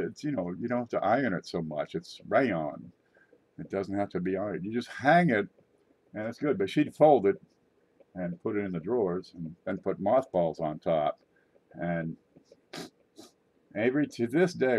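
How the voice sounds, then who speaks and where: Middle-aged male vlogger, low husky voice, offhand joking ramble. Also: darkish tone. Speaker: channel host. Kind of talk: casual rambling vlog monologue.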